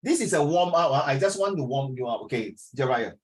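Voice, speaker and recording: A man's voice: mid-range voice, expressive, fairly quick, background noise. A middle-aged man, teaching an online class in a chatty, teasing way over a video call. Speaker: English tutor.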